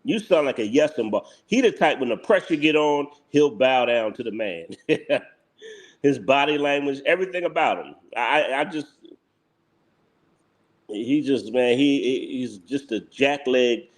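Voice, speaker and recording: A man's voice: medium pitch, expressive, unhurried. Blunt Philly-accented man ranting live. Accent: Philadelphia. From Philadelphia. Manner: blunt, heated, repetitive, laughs mockingly. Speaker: live stream host. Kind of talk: live commentary stream.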